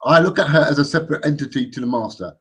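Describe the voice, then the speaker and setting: A man in casual fan chat, giving measured opinions with hesitant restarts. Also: on the high side, husky.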